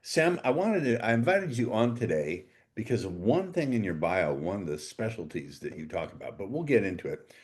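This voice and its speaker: A man's voice: on the low side, very animated, moderate pace, a little mellow. A man hosting a podcast interview, joking and talking with theatrical emphasis. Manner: playful, jokey, theatrical emphasis. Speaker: podcast host.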